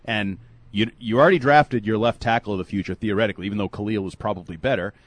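A man's voice: lowish voice, steady tone, fast talker, dry recording. A man co-hosting a casual sports talk show, giving blunt opinions and laughing often. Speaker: co-host.

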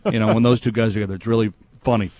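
A man's voice: on the low side, steady tone, racing, darkish tone. Chatty, laughing man radio host. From Texas. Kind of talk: casual sports radio chat.

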